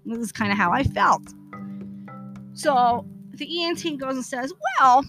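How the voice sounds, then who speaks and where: High bright exasperated woman storyteller. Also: animated, moderate pace, faint music behind, low-quality recording. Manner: blunt, exasperated, swears freely. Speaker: podcast host. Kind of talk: casual profane storytelling monologue.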